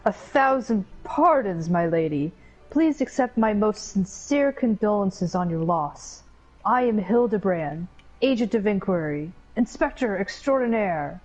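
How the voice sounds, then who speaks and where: A woman's voice: medium pitch, lively intonation, measured pace, darkish tone, poor audio. A woman reading the lines of a pompous, grandiloquent male inspector from a game. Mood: formal. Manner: pompous, theatrical.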